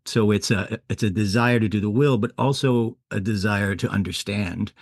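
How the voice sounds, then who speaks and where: A man's voice: on the low side, moderate pace, hardly any pauses, no room sound, clean studio sound. A man hosting a podcast, explaining ideas casually and acting out inner thoughts in quotes. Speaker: podcast host. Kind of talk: conversational podcast discussion.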